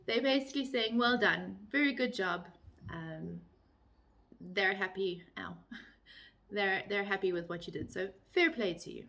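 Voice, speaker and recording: A woman's voice: mid-range voice, a bit bright. A woman from South Africa with a South African accent, casually explaining phrases to the camera in a light-hearted, chatty way. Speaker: vlogger.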